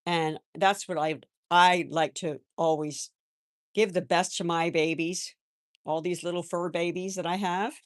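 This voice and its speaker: An older woman with a lowish, soft voice, chatting gently and rambling a little as she answers viewers' comments on a live stream. The sound is close and dry, with no room around it. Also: steady tone, unhurried, no echo. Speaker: livestream host. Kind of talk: casual live-chat talk.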